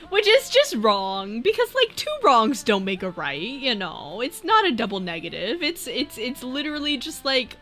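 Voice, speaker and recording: A woman streaming as a VTuber, chatting casually and reading viewer messages, rambling and breaking into loud laughs. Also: a little high, sing-song, moderate pace, few pauses, soft background music.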